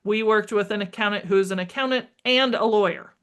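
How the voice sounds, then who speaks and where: A woman's voice: mid-range voice, a little fast, smooth. Emphatic woman guest on a podcast. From United States. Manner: energetic, emphatic, acts out quoted dialogue. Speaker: podcast guest, marketing strategist. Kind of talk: conversational interview.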